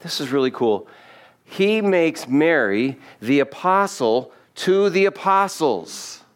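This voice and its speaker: A man's voice: fairly high pitch, very animated, takes it slowly. Man preaching a conversational sermon. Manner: conversational, humorous asides. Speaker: pastor. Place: church sanctuary.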